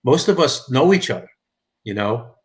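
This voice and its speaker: A man's voice: mid-range voice, expressive, moderate pace. A middle-aged man from New York with a thick New York accent, hosting a casual live stream chat, rambling with restarts and reading viewer comments. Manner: rambling, repeats and restarts, reads chat aloud.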